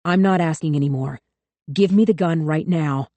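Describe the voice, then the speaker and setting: A woman voicing a calm, steady man who talks an armed girl down in an audiobook. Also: low voice, normal speed, no room sound. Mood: calm firm. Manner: calm, firm, soothing. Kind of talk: audiobook character voice.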